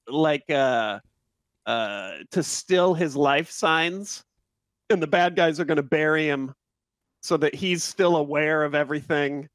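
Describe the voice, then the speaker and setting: A man's voice: fairly high pitch, no room sound, studio quality. A young man, the channel host, telling a story in casual chat with friends. He acts out the scenes as he goes. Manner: animated, acts out screams while telling a story.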